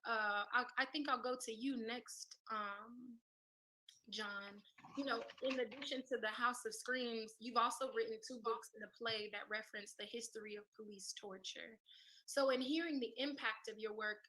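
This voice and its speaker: A woman's voice: on the high side, steady tone, normal speed, sharp tone, a little hiss or hum, rough recording. A woman moderating a livestream panel, thanking speakers and asking questions with many fillers.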